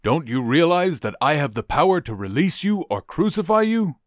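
Man reading a stern uneasy Roman governor, raised insistent questions, lifted pitch, dry close sound. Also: very animated, moderate pace, dry recording.

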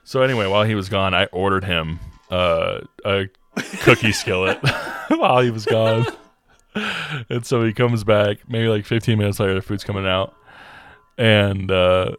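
Low-voiced young man telling a story. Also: normal speed, slight background noise. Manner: animated, laughing retelling with slangy asides. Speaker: podcast co-host. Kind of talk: casual chat, storytelling.

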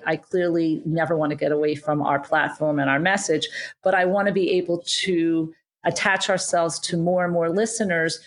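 A woman co-hosting a podcast, talking in earnest, reflective run-on thoughts in casual chat. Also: lowish voice. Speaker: podcast co-host.

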